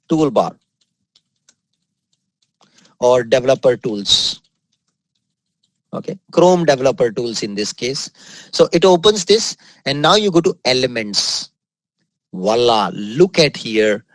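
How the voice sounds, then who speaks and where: A man with an Indian English accent teaching a coding lesson over his screen, upbeat, sprinkling in words of praise and repeating the key points slowly. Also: mid-range voice, dry recording, poor audio. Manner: upbeat, drops frequent exclamations of praise. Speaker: software trainer. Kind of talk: screen-recorded coding tutorial.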